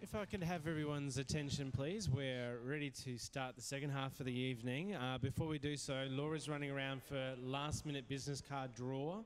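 A man hosting an event, making relaxed announcements with some hesitations. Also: medium pitch, fairly quick, hardly any pauses, clear, resonant tone, faint music behind. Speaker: event host. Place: event venue with audience. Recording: hall reverb.

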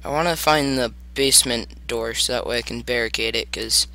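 A man's voice: mid-range voice, normal speed, pushed and bright. A man giving jokey let's play commentary and talking to the game. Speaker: gamer.

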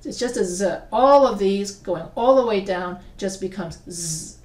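Slow, deliberate woman teaching grammar. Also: medium pitch, expressive, a little mellow. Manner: reads word pairs aloud slowly and deliberately, with asides. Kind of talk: recorded classroom-style lesson. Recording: echoey room, mic set far off.

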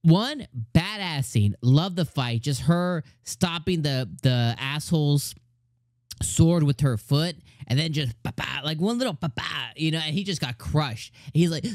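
A man's voice: fairly high pitch, animated, normal speed, no echo, studio quality. A man giving an enthusiastic casual anime episode review, often acting out the characters' lines.

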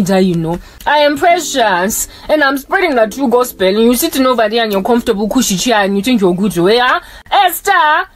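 A woman preaching a scolding video sermon in a fiery, sarcastic way. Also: on the high side.

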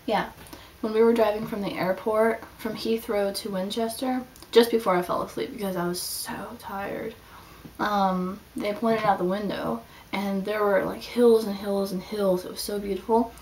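A woman's voice: medium pitch, steady tone, normal speed, darkish tone. Chatty young woman, slightly distant mic. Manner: chatty, rambling, lots of "like". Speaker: student vlogger. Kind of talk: casual video diary. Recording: slightly distant mic, faint background hiss.

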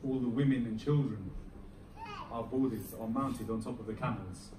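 A man's voice: medium pitch, moderate pace, background noise. A man giving an emotional Muharram sermon, telling the story with dramatic rises and falls in intensity. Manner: dramatic, rising and falling intensity. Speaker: Muharram lecturer. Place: mosque hall. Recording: echoey hall, recorded from far off, faint ambience.

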